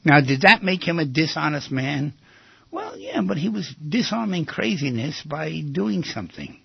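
An older man hosting a radio advice show, talking in an animated way and acting out little scenes in other voices. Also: a little high, moderate pace, creaky, breathy edge, no room sound, highs cut off.

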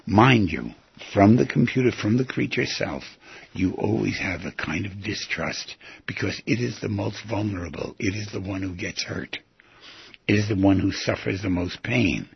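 Gravelly, raspy man coaching self-dialogue. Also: on the low side, normal speed, no room sound. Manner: earnest, coaching, animated. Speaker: self-help teacher. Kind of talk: guided instruction. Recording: dull lo-fi recording.

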